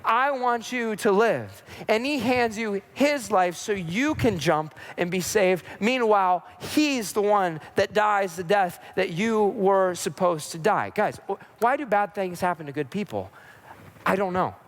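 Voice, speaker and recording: A man's voice: high voice, animated, unhurried. A young man giving an earnest, sermon-style teaching on a podcast and speaking directly to his listeners. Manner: earnest, storytelling, direct address.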